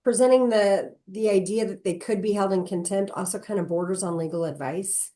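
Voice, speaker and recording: A woman's voice: medium pitch, brisk. Woman mediator, earnest and questioning. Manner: earnest, animated, asks rhetorical questions. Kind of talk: panel discussion.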